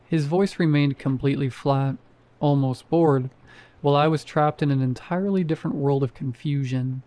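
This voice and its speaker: A man's voice: fairly high pitch, fairly even intonation, moderate pace, mellow. A man reading a first-person horror story aloud, dropping wry, sarcastic asides.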